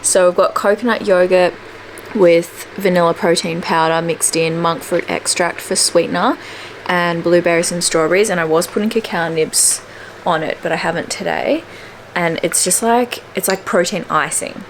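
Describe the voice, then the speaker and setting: A woman's voice: steady tone, moderate pace, a little hiss or hum. Chatty young woman vlogging at home. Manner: chatty and upbeat, drifting into squeaky baby talk for her dog. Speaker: fitness vlogger. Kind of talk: casual vlog chat to camera.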